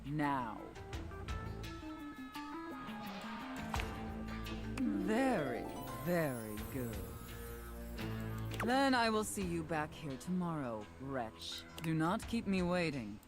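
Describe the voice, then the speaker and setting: A woman voicing a haughty, domineering female safe who talks down with slow contempt in a video game. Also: low voice, very animated, over music, full character voice. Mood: commanding. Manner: imperious, contemptuous, slow deliberate.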